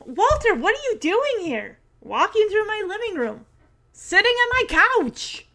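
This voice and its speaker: A fed-up young schoolgirl who can't believe what she's dealing with, acted by a woman. Her voice is high and bright, and her tone is put-upon and incredulous. She sounds exasperated throughout. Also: steady tone, brisk, creaky, exaggerated voice.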